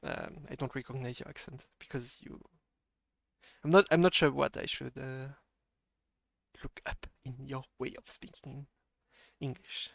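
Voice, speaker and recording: A man's voice: mid-range voice, fairly even intonation, measured pace, gravelly, long pauses, no room sound. A man with a French accent, hosting a casual live stream and chatting with a laugh in his voice. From France. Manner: chatty, laughs often, mixes in French phrases. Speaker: stream host.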